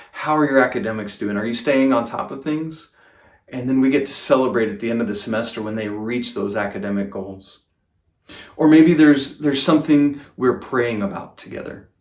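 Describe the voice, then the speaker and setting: A man's voice: mid-range voice, darkish tone. Earnest male professor in a roomy space. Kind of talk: testimony. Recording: roomy echo.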